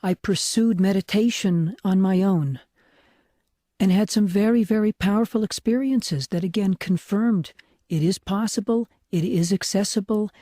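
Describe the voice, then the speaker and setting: An older man, a rabbi, telling a personal spiritual story in a soft, reflective way, often dropping to a hushed whisper. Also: high-pitched, normal speed, no echo, clean studio sound. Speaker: rabbi teaching.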